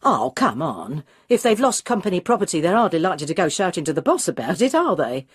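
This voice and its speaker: A woman's voice: fairly low pitch, very animated, fast, slightly rough, no echo, studio quality. A woman voicing a cheeky, dismissive young female receptionist. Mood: insolent.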